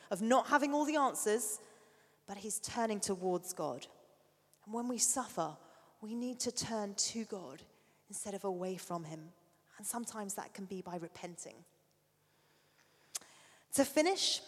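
A middle-aged woman preaching a sermon, an animated storyteller who sometimes drops to a soft near-whisper. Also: mid-range voice. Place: church hall. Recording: long reverb of a large hall.

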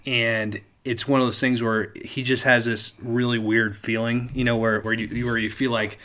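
A man's voice: mid-range voice, little pitch movement, moderate pace, sharp tone. A man co-hosting a podcast, telling a history story in a casual, rambling way, with many restarts. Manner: rambling with frequent restarts and laughs. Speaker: podcast co-host.

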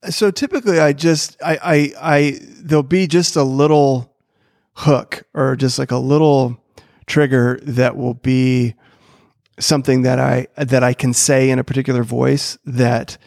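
A man's voice: medium pitch, steady tone, a little slow, creaky, a little mellow, no room sound, clean studio sound. A middle-aged comedian in casual conversation, rambling and restarting his sentences as he explains. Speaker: character comedian, podcast guest.

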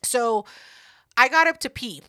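A woman's voice: a little high, measured pace, pushed and bright, dry recording, studio quality. A woman co-hosting a casual podcast chat, swearing freely and telling stories with lots of laughter. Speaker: podcast co-host.

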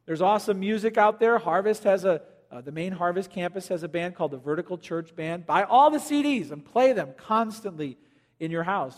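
High-voiced male pastor preaching in a hall. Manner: animated, acts out quoted voices, jokes with the congregation. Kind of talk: sermon. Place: church auditorium. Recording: long hall reverb.

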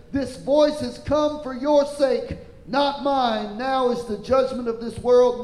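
A man's voice: roomy sound, rough recording. A man preaching a sermon, reading scripture aloud and stopping to ask the listeners whether they understand. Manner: animated, rising pitch when quoting scripture; asks the congregation questions.

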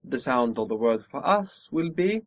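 A man's voice: mid-range voice, sing-song, moderate pace, no room sound. A man teaching a spoken language lesson, patiently modelling pronunciation and encouraging his student.

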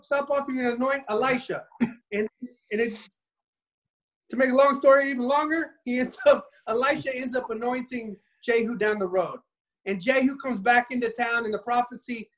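A man casually retelling a Bible story in an animated, rambling way, often restarting his sentences. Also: very high-pitched, poor audio.

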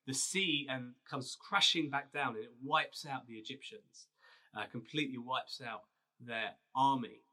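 Man, pastor, bright clear tone, chatty storytelling sermon with restarts. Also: mid-range voice, a little slow. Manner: storytelling, conversational with restarts and fillers.

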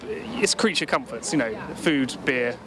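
A man's voice: mid-range voice, expressive, a little slow. A man giving chatty, repeated-phrase opinions to a street interviewer. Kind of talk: casual street chat. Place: city street outdoors. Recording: crowd noise behind.

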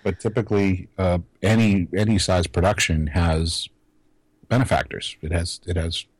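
A man co-hosting a casual talk radio podcast, speaking in a calm, measured and skeptical way. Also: sits low, husky, no room sound. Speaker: co-host.

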